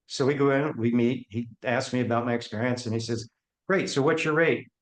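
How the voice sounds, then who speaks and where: A man appearing as a podcast guest shares stories from his career in an interview, animatedly doing the voices of the people in his anecdotes. His voice is mid-range and a little fast, and the room sounds echoey.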